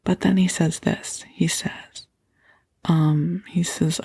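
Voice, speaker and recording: Low, gravelly-edged woman, slow and gentle, bedtime storyteller who often drops to a whisper. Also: flat delivery. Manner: gentle and breathy, laughs softly, slips into whispers. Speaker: podcast host.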